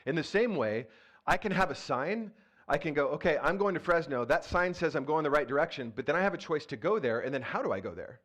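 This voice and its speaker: A man's voice: a little high, lively intonation, quick pace, fairly bright tone. A man preaching a casual, conversational sermon as pastor, playful and chatty, often asking the congregation questions, speaking into a handheld mic in a church. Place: church sanctuary.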